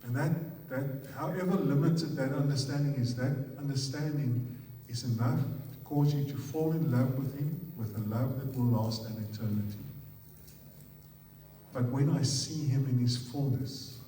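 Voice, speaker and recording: Afrikaans-accented male pastor, unhurried and emphatic sermon delivery, distant mic in a reverberant hall. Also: mid-range voice, warm tone, a little hiss or hum. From South Africa. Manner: emphatic, repeats words in threes, asks the audience questions. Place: church hall. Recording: echoey hall, picked up from far off.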